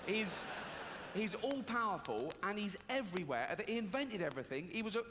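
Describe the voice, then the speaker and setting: A man delivers a stand-up set in a sardonic, profane manner, his voice sitting a little higher than most men's. He is recorded on a big arena stage, so a long reverb trails his words. Audience noise is clearly present beneath him. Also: lively intonation, brisk. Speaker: stand-up comedian. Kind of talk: stand-up comedy routine. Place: large concert arena stage.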